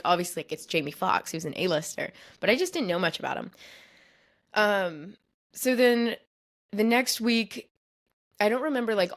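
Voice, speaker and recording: Chatty young woman, lower voice. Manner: chatty, fills speech with "like". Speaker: podcast host. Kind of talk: casual storytelling monologue.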